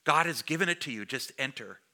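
A man's voice: fairly high pitch, lively intonation, brisk, sharp tone. A man preaching a sermon to a congregation as their pastor, speaking in a conversational way and joking with the listeners. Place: church before a congregation.

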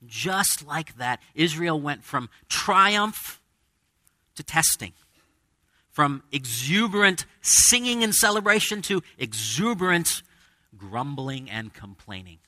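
Bright, dry-voiced male pastor preaching. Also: fairly high pitch, expressive, slow, dry recording. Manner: conversational preaching with dramatic quoted asides. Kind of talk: sermon. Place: church with a congregation.

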